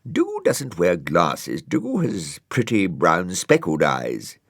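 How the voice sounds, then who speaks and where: A man voicing a whiny, excitable male snail with a cheeky, squeaky manner in a storybook reading. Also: dry recording, clean studio sound, full character voice. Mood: sulky. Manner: cheeky, squeaky, quick to sulk.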